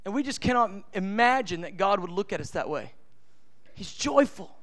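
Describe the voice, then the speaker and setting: A man preaching a sermon with a strikingly high voice for a man. He is impassioned and emphatic, and drops into casual, everyday asides between lines of scripture. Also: lively intonation, moderate pace, a bit bright.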